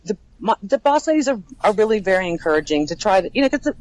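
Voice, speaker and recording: Haunt cast manager, woman, chatty and animated, quick laughs, lots of false starts. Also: mid-range voice, poor audio. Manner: animated, laughs often, frequent restarts. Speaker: haunted attraction cast manager and actor trainer. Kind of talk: casual interview.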